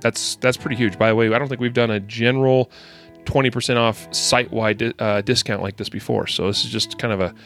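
A man's voice: mid-range voice, steady tone, fairly quick, creaky, fairly bright tone, soft background music. Upbeat male podcast host. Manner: upbeat, conversational, with fillers and asides. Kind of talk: casual podcast chat and sponsor read. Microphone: screen-sharing video call setup.

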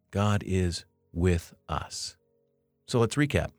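A man's voice: deep voice, very animated, slow, darkish tone, no echo, clean studio sound, soft background music. A middle-aged man hosting a devotional podcast, teaching through a scripture passage in an earnest, reflective way with light self-deprecating asides. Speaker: podcast host.

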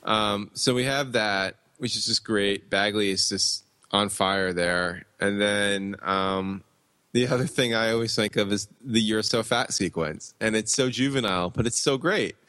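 Low-voiced guy on a comics podcast, stumbles and repeats words a lot while he figures out what he means. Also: sharp tone, smooth, no room sound. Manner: halting, repeats words while thinking aloud. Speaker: podcast co-host. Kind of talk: casual comics discussion.

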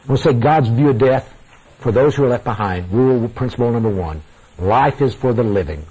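Emphatic husky man preaching a sermon. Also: mid-range voice, animated, fairly quick, mellow, rough recording. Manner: emphatic, repeating phrases for effect, addresses listeners as guys. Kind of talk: sermon to a congregation.

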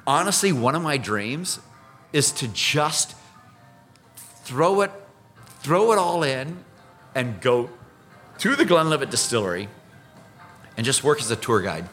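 A man's voice: mid-range voice, a little slow, long pauses, faint music behind. A man in his fifties from Iowa, a whiskey ambassador, talking emphatically in a casual chat. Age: 50s. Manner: animated, emphatic storyteller.

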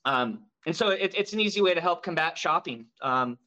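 This is a man guesting in a casual podcast chat about running a mortgage brokerage. He talks with high energy and animated storytelling, and his voice is bright and forceful and sits a little high for a man. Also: normal speed.

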